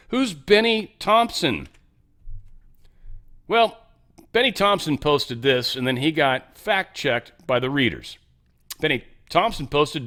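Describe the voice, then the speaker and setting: A man's voice: a little high, expressive, moderate pace, pushed and bright. A male host giving sarcastic political commentary, reading headlines aloud and ranting about them.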